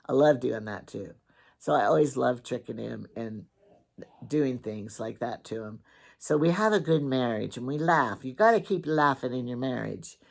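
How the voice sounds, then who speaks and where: A gravelly, rumbling low female voice belongs to a Wyoming woman who hosts her own easygoing morning show. In a casual monologue she tells wandering, teasing stories about her husband.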